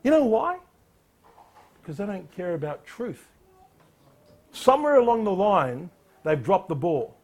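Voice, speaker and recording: A man preaching a sermon, reading scripture aloud in a declamatory voice and urging his listeners with sharp, rising emphasis. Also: sits high, very animated, a little slow, long pauses. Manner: reads scripture in a louder, declamatory voice. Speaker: pastor.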